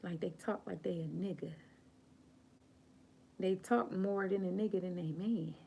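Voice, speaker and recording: An American woman hosts a late-night live stream from home, talking in an unhurried, earnest, preachy way. Her voice has a gravelly edge, and now and then she drops into a soft whisper. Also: on the low side, steady tone. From United States. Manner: slow, earnest, preachy, quotes scripture. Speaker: channel host. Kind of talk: live-stream talk on feminine grace.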